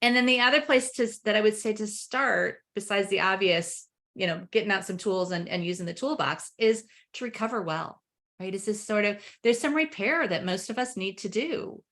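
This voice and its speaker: A middle-aged woman speaking as a parenting coach in a casual webinar discussion, lively and quick to act out other people's words. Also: medium pitch. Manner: lively, acts out family members' voices in quotes. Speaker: parenting coach and expert guest.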